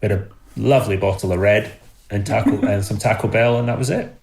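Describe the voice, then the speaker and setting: A middle-aged Scottish man telling an animated story as a podcast guest, laughing as he goes. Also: lowish voice, fast talker, vocal fry. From Scotland.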